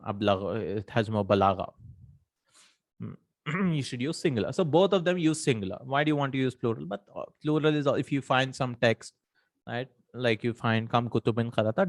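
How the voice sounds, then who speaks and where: A man's voice: medium pitch, no room sound. Man teaching Arabic grammar on a close mic. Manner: explains step by step, mixing Arabic terms into English, asks the listener "right?". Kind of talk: online grammar lesson.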